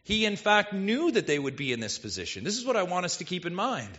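A male pastor preaching an expository sermon, animated and full of rhetorical questions to the congregation. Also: high voice, quick pace, lo-fi sound.

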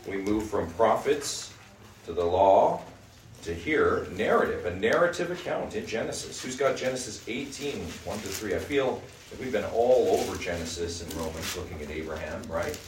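A man's voice: lowish voice, expressive, moderate pace. A man leading a Bible study group, teaching and often checking in with the group by asking "right?". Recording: echoey room, mic at a distance, faint noise.

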